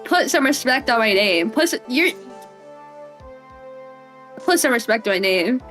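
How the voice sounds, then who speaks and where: A woman voicing an arrogant young female prosecutor in a video game, attempting a poor German accent with slow, proud declarations. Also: on the high side, lively intonation, fairly bright tone, soft background music. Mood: haughty. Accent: poor imitation of a German accent.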